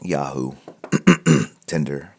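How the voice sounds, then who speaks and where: A man with a very deep voice and a rough, gravelly edge talks casually to a live stream audience. He rambles, jokes and restarts his sentences, with plenty of fillers. He wears headphones and talks from a room at home filled with comic books. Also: steady tone, drawn-out words. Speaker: host of a live art portfolio critique stream. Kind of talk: casual livestream chat. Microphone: wearing headphones.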